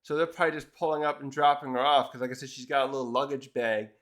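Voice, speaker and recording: A man's voice: medium pitch, level tone, fast, a bit bright. A man casually reviewing a manga chapter, retelling it in a rambling way with many restarts.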